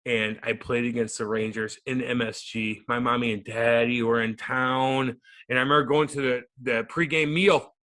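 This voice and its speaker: A man in his thirties, a podcast guest, telling stories in a lively, profane way and acting out quotes. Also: medium pitch, moderate pace. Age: 30s. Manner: animated, profane, acts out quotes. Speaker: podcast guest, former hockey player. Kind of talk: casual storytelling interview.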